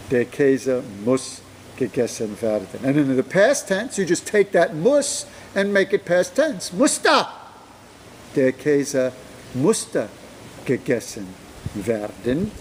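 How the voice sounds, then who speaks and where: A man teaching German grammar, slow and deliberate, his voice rising when he stresses a point. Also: mid-range voice, darkish tone, slight background noise, low-quality recording. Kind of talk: explaining grammar to camera.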